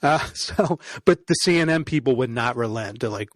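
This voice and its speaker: Male podcast guest, casual animated storyteller, mid-range voice, dry mic. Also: medium pitch, moderate pace, no echo. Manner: animated, laughs often, acts out quoted voices.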